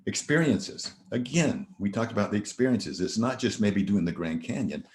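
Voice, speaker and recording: A man's voice: fairly low pitch, expressive, moderate pace, a little mellow, roomy sound, a little hiss or hum. A man giving an earnest motivational talk on gratitude, telling stories and asking the audience rhetorical questions. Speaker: motivational speaker. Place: virtual event presentation.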